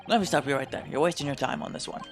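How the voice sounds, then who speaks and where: A man's voice: mid-range voice, racing, creaky, music in the background, lightly acted. A man voicing a blunt, dismissive middle-aged police inspector in a put-on British accent while playing a game.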